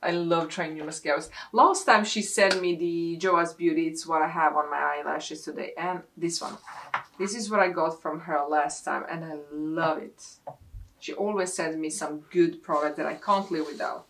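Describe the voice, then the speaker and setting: A woman's voice: low-pitched, fairly even intonation, moderate pace, a bit bright, slight background noise. A woman beauty vlogger unboxing a gift box at her desk, gushing and repeating how much she loves each item. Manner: gushing, repeats "love it" over and over. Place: home desk.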